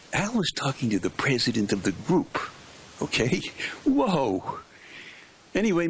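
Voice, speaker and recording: Older man with a deep, gravelly voice. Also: a bit bright, slight background noise. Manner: punchy, dramatic storyteller with emphatic pauses. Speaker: veteran radio DJ, interview guest. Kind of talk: anecdotal storytelling in an interview.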